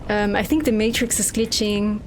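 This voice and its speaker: Excitable, swearing young woman streamer. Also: mid-range voice, normal speed, a little hiss or hum. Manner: swearing, excitable, joking to chat. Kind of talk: casual gameplay commentary.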